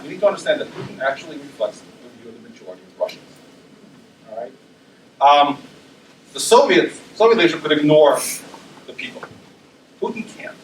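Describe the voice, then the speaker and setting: A man's voice: fairly high pitch, fairly bright tone, slight background noise. A male university lecturer giving a conversational presentation, dotted with ums and tag questions like "right?". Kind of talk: academic presentation. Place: lecture room. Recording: roomy echo, speaker far from mic.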